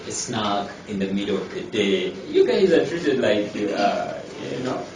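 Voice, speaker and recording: A man with a lowish, very animated voice speaks unhurriedly against a noisy background, captured in an echoey room on a distant mic. He's a life coach delivering an emphatic motivational talk to a group, repeating key lines and posing rhetorical questions.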